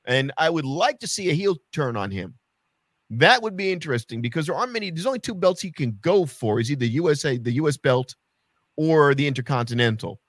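A man casually chatting about wrestling as a podcast co-host, animated and sarcastic, swearing freely. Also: a little high, a little fast, dry recording, clean studio sound.

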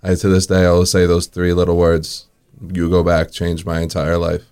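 A man's voice: low-pitched, completely flat delivery, normal speed, a little mellow, clean tone. A man, a guest telling his own story in casual talk, chuckling often and full of fillers. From New York area.

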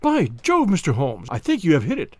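A man's voice: fairly high pitch, wildly swooping pitch, brisk, dry recording. A man voicing a doubtful, eager middle-aged police inspector who keeps probing with questions in a storybook.

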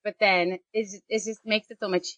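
A woman in her forties telling a travel anecdote on a casual podcast, animated and self-mocking. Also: mid-range voice, normal speed, dry recording. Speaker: podcast co-host. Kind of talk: casual storytelling chat.

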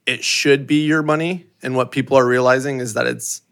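A man with a gravelly, creaky voice talks in a relaxed, casual way as a podcast guest. He hesitates with fillers, then presses his points with rising emphasis. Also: mid-range voice, a little fast. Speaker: company head, podcast guest. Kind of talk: casual chat.

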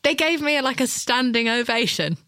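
A woman's voice: sits high, animated, moderate pace, fairly bright tone, clean tone, dry recording, clean studio sound. A woman, a guest actress telling a candid story in casual chat, swearing freely and acting out the voices of the people in it.

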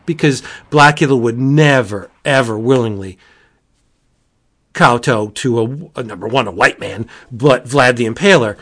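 Excitable man gushing about comics. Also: a little slow. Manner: gushing, excitable, jumps to high exclamations. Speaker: comic book reviewer. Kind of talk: casual podcast chat.

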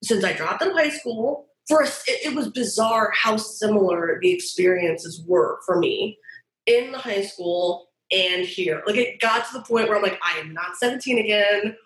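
Animated, profane woman in a roomy space. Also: medium pitch, moderate pace. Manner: animated, profane, acts out quoted voices. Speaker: guest designer. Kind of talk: candid storytelling interview. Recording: roomy echo.

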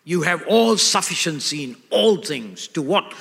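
A man's voice: a little high, sing-song, measured pace, vocal fry, fairly bright tone. An older man preaching a sermon emphatically, checking in with his listeners through call-and-response questions. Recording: echoey hall.

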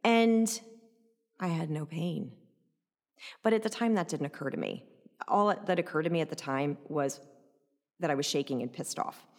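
A woman recounting a personal story in an animated, conversational way, often adding "like" and "right?". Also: low-pitched, moderate pace, pauses often, long reverb tail.

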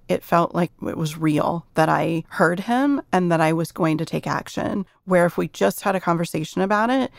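A woman's voice: low voice, creaky, no room sound, studio quality. A middle-aged woman explaining parenting ideas earnestly in a casual chat.

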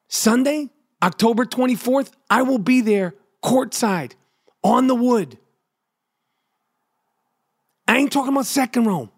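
Brief: middle-aged New podcast host, high-pitched, profane comic rant with shouted outbursts. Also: male voice. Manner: profane, ranting, yells in bursts.

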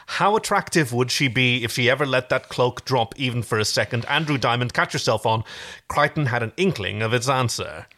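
A man's voice: mid-range voice, expressive, a little fast, bright, forceful tone. A man co-hosting a podcast, reading a novel aloud and chatting in loose, self-interrupting asides. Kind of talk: book reading and casual chat.

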